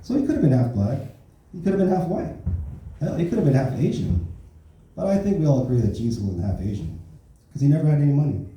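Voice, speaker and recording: A man doing a stand-up comedy set at an open mic, telling rambling profane stories with a steady stream of tag questions. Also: medium pitch, fast talker. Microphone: handheld stage mic. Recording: roomy club sound from far off.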